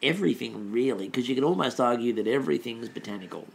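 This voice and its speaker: A man's voice: mid-range voice, lively intonation, quick pace, vocal fry, slight background noise. A man co-hosting a podcast, recapping a baking show in casual chat full of ums. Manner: rambling recap with frequent ums. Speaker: podcast co-host.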